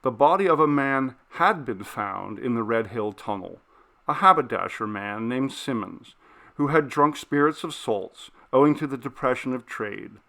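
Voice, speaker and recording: Gravelly-voiced man reading a ghost story. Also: mid-range voice, lively intonation, sharp tone. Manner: measured first-person storytelling. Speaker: narrator, audiobook reader.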